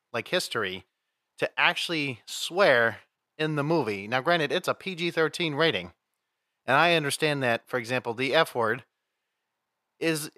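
A man's voice: on the high side, sharp tone, no echo, studio quality. A man co-hosting a podcast, telling a story in a rambling casual way and acting out the quotes. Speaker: podcast co-host. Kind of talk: casual chat.

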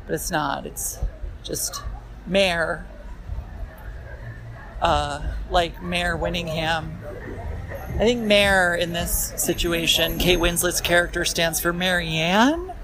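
Guy walking around the city talking into his phone, slow and meandering, lots of ums, street noise going on behind him. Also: a little high. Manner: meandering, self-deprecating, many fillers and restarts. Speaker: podcast host walking and talking. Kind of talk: rambling walk-and-talk monologue. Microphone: phone held while walking.

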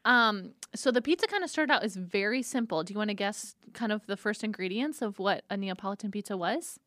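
A woman's voice: mid-range voice, expressive, brisk, fairly bright tone, no echo, clean studio sound. A young woman co-hosting a casual snack podcast, teasing and chatty with lots of fillers. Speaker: co-host presenting pizza facts.

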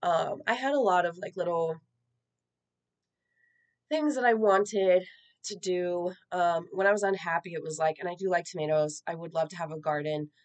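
A woman shares a personal story in a candid, conversational way. Her voice sits a little low, and her delivery is earnest and reflective. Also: moderate pace. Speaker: social media creator.

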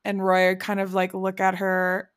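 A woman's voice: medium pitch, completely flat delivery, unhurried. A woman co-hosting a podcast, chattily recapping episodes in casual conversation with laughter. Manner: chatty plot recap, drifting into quoted voices and laughter. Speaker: podcast co-host. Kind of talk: casual chat.

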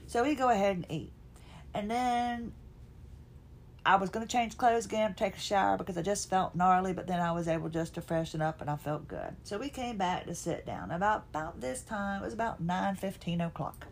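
A woman's voice: mid-range voice, moderate pace, slight background noise. A woman, hosting a podcast and telling a folksy, chatty, self-mocking personal story. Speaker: podcast host.

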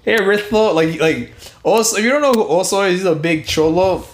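This co-host is a young man from Southern California whose high-pitched voice moves briskly. On a casual podcast taped in a small, warm room with roomy echo, he rambles along, cursing a lot and chuckling at his own remarks.

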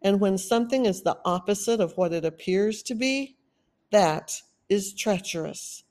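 A woman from Texas with a Texan accent, hosting a solo podcast and talking earnestly, stressing her points in drawn-out lists. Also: medium pitch, a little mellow. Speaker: podcast host.

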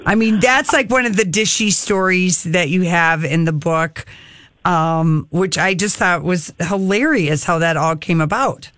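A woman's voice: on the low side, a little slow, a bit bright, no room sound, clean studio sound. A woman co-hosting an interview, chatting casually and steering toward the guest's stories. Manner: conversational, leads with questions. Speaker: co-host. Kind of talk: interview chat.

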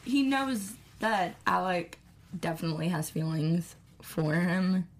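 A young woman co-hosting a casual chat show, enthusiastic and quick to laugh. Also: fairly low pitch. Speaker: podcast co-host.

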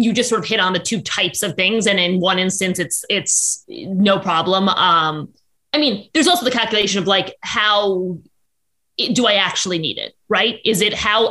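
A woman, a journalist guest on a podcast, talking casually in quick bursts with frequent restarts. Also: medium pitch, pushed and bright. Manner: chatty, quick with many restarts.

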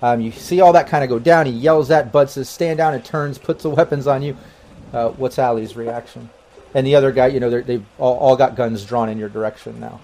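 A man's voice: mid-range voice, fairly even intonation, brisk, dark tone. Rambling male game master. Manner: rambling, many fillers and restarts. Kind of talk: narrating a tabletop game.

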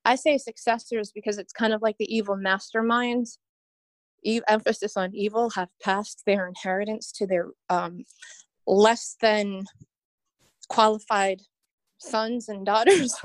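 A woman's voice: medium pitch, fairly even intonation, a little slow, no room sound. A woman guest on a podcast, talking in a rambling, earnest way and laughing often. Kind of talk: casual podcast chat.

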